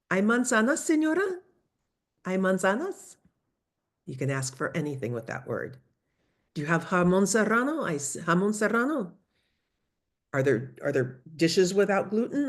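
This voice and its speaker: A woman teaching a lively online language lesson, coaching students through phrases over a video call. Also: on the low side, moderate pace. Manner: lively, coaching, switches between English and Spanish phrases. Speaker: Spanish teacher.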